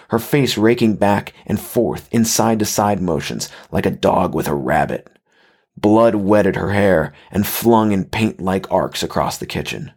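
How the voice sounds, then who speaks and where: A man reading a horror story aloud in measured, even scripted narration. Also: lowish voice.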